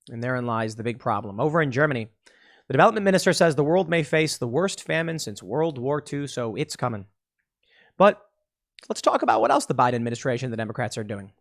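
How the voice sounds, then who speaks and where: A man's voice: on the high side, a bit bright, no echo, studio quality. A man hosting a solo political commentary show, talking casually and sarcastically while reading through vote lists.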